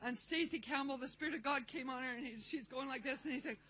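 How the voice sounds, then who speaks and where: A woman preaching a testimony, telling stories in an animated way and acting out the voices of the people in them. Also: sits high, fast. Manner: animated storytelling, acts out voices and laughs. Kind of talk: testimony sermon. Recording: dull lo-fi recording.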